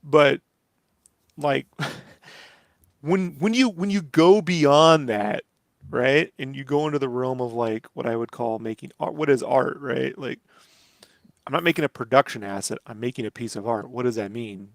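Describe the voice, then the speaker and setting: A man's voice: mid-range voice, normal speed, gravelly, no echo. Guy inking comics and rambling about art, lots of likes and you knows, dry sound. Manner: rambling, lots of "like" and "you know", swears casually. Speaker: comic artist streaming while inking. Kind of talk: casual chat while drawing.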